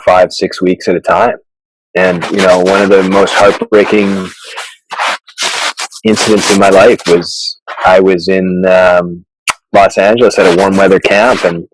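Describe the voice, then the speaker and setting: A man, a chiropractor, telling stories in a casual interview, halting with many restarts and fillers. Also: low voice, noisy background. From Canada. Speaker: chiropractor guest.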